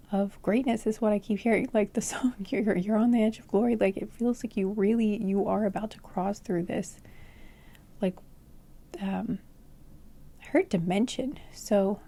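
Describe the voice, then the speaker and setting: A woman giving a casual tarot reading, rambling and searching for words, at times speaking softly into a close microphone because her voice is fading. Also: medium pitch. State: losing her voice. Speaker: tarot reader.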